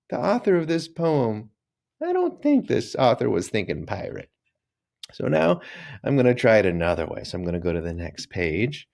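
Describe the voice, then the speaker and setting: A man teaching a recorded reading lesson for children, talking straight to the kids in a lively, coaxing way. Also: fairly low pitch, normal speed, vocal fry.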